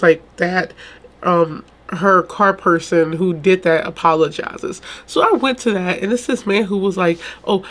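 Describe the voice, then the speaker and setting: A woman hosting a reaction video, commenting casually and emphatically, talking to viewers as "y'all". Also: medium pitch. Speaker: reaction channel host. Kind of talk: casual commentary on a viral clip.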